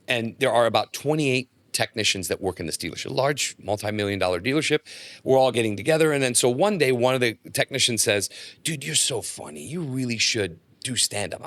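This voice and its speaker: A man's voice: medium pitch, a little fast, no room sound. A middle-aged man telling stories as a podcast guest, acting out the dialogue in them. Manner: animated storyteller acting out dialogue. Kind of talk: casual storytelling.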